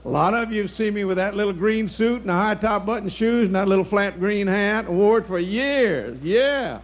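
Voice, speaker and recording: Folksy older comedian, high voice. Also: male voice, animated, fairly quick, hardly any pauses. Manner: folksy, chuckles at his own jokes. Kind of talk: stand-up comedy monologue. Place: outdoor stage.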